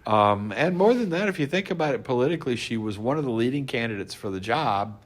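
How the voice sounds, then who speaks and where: A man guest on a podcast interview, telling backstage anecdotes from his work organizing conventions in a relaxed, storytelling manner. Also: medium pitch, fast.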